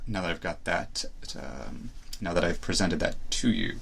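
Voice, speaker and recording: A man's voice: low voice, creaky, fairly bright tone, a little hiss or hum. A man hosting a solo podcast, talking casually in a rambling, hesitant, self-reflective way. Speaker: podcast host. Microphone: live stream setup.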